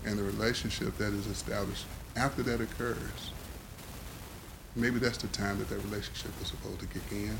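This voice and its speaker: Gravelly guy preaching at his cohost, bible talk, emphatic, hissy noisy recording. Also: fairly low pitch, little pitch movement, moderate pace. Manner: emphatic, sermon-like, cites the Bible. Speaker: podcast co-host. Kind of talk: preachy advice.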